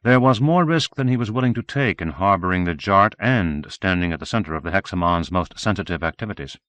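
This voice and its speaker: A man reading a novel aloud as audiobook narrator in a steady, measured way. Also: low voice, no echo.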